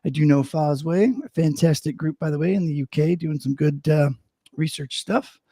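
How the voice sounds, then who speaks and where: Chatty man with a dark, dry voice. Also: fairly high pitch, fairly even intonation, normal speed, no echo. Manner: rambling, many fillers and restarts; mock news-anchor delivery for headlines. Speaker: co-host of a live show. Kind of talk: casual live-stream chat.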